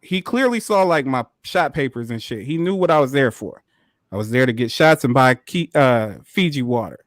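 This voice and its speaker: A man co-hosting a podcast, telling a story in a casual, animated way, full of profanity and quick laughs. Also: mid-range voice, dry recording, studio quality. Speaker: podcast co-host.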